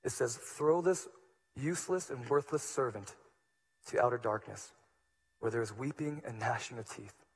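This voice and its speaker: A man preaching a sermon as pastor, moving between hushed, low passages and loud, emphatic ones. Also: normal speed, husky.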